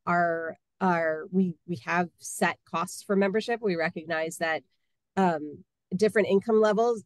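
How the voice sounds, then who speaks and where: A woman hosting an online meeting, speaking in a friendly, halting way with many fillers and restarts over a video call. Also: on the low side, no echo. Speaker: meeting host, association officer. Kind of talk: casual online meeting talk.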